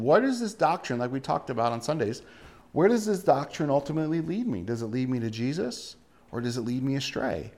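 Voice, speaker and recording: A man's voice: a little high, a little mellow. A male pastor delivering a sermon emphatically, full of rhetorical questions and repeated words.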